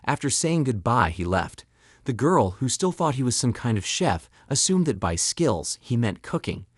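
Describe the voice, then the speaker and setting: Man narrating a steady story recap. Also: medium pitch, no room sound, clean studio sound. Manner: even, steady retelling in third person. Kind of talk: scripted narration.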